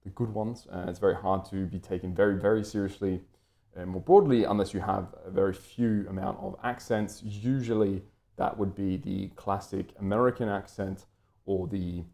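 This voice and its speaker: A man's voice: low voice, fairly even intonation, normal speed, creaky, dark tone. A man from Britain talking through an unscripted, lecture-style commentary, wordy and full of fillers and restarts.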